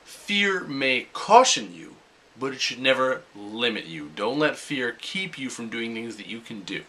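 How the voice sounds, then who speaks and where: Young man, bright forceful tone, chatty self-help vlogger who acts out quoted thoughts. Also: medium pitch, very animated, unhurried, a little hiss or hum. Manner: casual, acts out quoted inner voices. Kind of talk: motivational vlog talk.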